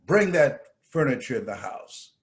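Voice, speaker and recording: A man's voice: medium pitch, big pitch swings, a little slow. A man voicing his elderly mother, firm and loving, who scolds and then reassures her grown son.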